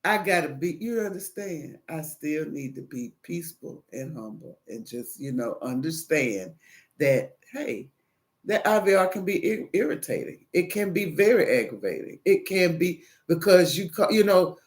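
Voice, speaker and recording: A woman with a Southern US accent giving a casual devotional talk, animated and preachy, acting out phone calls as she goes. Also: low voice, normal speed. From American South. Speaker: Christian single encouraging viewers.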